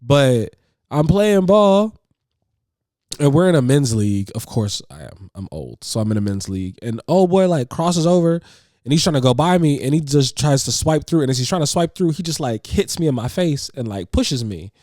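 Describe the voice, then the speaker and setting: Man in his 30s, casual podcast storytelling, lively swinging pitch, dry close sound, slangy. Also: moderate pace, no echo. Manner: animated, slangy, repeats words when worked up. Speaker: podcast co-host. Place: indoors on a couch.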